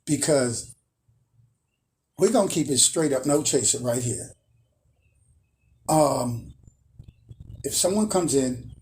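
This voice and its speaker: A man's voice: mid-range voice, a little mellow, a little hiss or hum. A man who hosts a spiritual channel, giving a boastful, emphatic monologue to camera and repeating phrases for emphasis.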